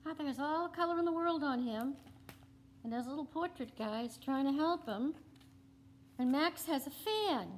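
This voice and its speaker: A woman reading a picture book aloud to children, animated with hushed whispery asides. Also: sits high, moderate pace, a little hiss or hum. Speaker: library guest reader.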